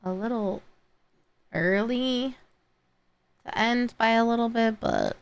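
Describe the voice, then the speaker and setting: A woman's voice: a little high, takes it slowly, smooth. A young woman chatting casually on a live stream, tired and rambling, with many fillers and restarts. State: tired and yawning. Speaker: streamer reacting to videos and chat.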